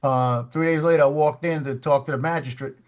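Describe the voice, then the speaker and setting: A man with a slightly high voice talks fairly quickly in a casual studio chat. He's an animated storyteller, restarting and repeating words as he acts out the voices of the people in his story.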